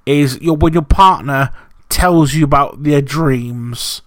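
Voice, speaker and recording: Young guy on a podcast, swears, laughs, tells stories big, voice kinda high. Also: slow, no echo, studio quality. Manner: swearing, laughing, animated storytelling. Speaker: podcast co-host. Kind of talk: casual podcast chat.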